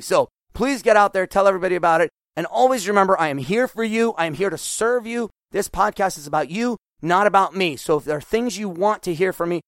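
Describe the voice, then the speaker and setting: Middle-aged guy doing a casual podcast, slightly high voice, animated, super dry close sound. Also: no echo. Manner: animated, acts out quoted voices. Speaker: podcast host.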